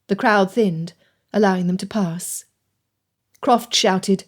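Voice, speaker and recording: A woman narrating a novel with an expressive, dramatic reading. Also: mid-range voice, takes it slowly. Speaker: audiobook narrator. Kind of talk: scripted narration.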